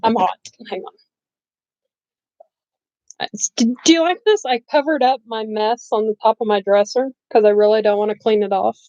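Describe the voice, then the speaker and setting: A woman's voice: fairly high pitch, normal speed, dark tone, no room sound, muffled recording. A middle-aged woman chatting casually on a live stream, blunt and rambling, laughing often and saying she has no filter. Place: bedroom at home.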